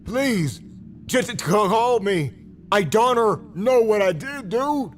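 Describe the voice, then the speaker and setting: A man pleads over and over in a strikingly high voice, drawn out and unhurried. He sounds frantic and on the verge of crying, repeating the same desperate plea, with faint music playing underneath. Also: expressive. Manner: begging, frantic, repetitive. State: near tears. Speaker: person in a played clip.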